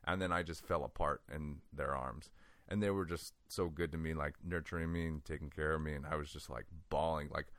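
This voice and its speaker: Speaking a little fast, a very low-voiced male guest recounts something from his own life, casual and animated, with frequent laughter and plenty of "like"s. The sound is close and dry, without any room around it.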